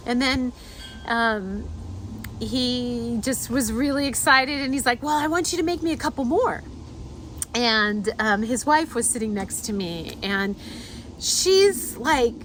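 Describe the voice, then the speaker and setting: A woman with a fairly high voice tells a personal story outdoors. She talks in a heartfelt, rambling way, full of fillers and restarts. A faint ambient hiss sits behind her. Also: a bit bright. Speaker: artist and host.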